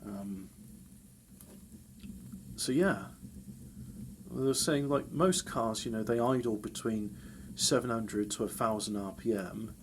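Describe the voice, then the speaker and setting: A man's voice: fairly low pitch, slow pace, pauses often, slight background noise. A man in casual chat, rambling and correcting himself with wry asides.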